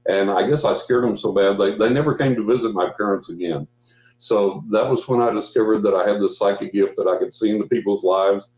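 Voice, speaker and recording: An older man with a low voice tells a story in a loose, rambling way, full of restarts. His audio sounds roomy and muffled, as if from a remote call. He speaks as a guest on a radio talk show. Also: a little fast, darkish tone. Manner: rambling, with frequent restarts and quoted dialogue. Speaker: guest psychic. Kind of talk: casual storytelling interview.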